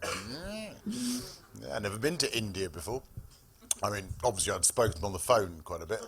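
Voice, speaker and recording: A man's voice: lowish voice, fast talker, very noisy. A man doing a stand-up comedy set on a club stage, telling stories in a wry, sardonic way with plenty of swearing.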